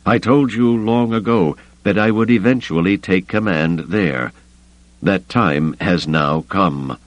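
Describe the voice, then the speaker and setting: A man voicing an unstable older male Jedi Master who speaks slowly and imperiously, in an audiobook reading. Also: sits low, no echo, dull audio, voice pushed up. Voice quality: slow, deliberate, commanding.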